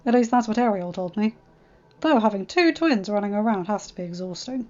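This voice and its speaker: A woman's voice: mid-range voice, expressive, brisk, a little mellow, muffled recording, natural voice. A woman doing a mild, weary sea god. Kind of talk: fan fiction read aloud.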